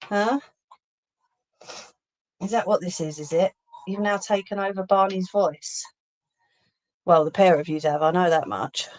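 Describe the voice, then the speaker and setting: A woman's voice: lowish voice, measured pace, long pauses, a little mellow. A woman hosting a live sewing stream, chatting casually, teasing her viewers and reading out their comments. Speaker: craft livestream host.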